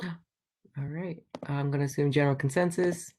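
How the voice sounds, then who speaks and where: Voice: mid-range voice, steady tone, normal speed, a little mellow, slight background noise. A meeting chair casually running a student senate meeting over a video call. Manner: casual, chatty presiding.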